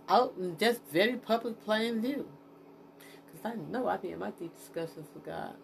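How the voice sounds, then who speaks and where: A woman's voice: mid-range voice, moderate pace, creaky, a little hiss or hum. A woman podcasting alone, talking off the cuff in a rambling, frank and profane way, with many fillers and restarts, stopping to check her notes. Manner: talks to herself while checking her notes. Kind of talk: unscripted solo podcast monologue.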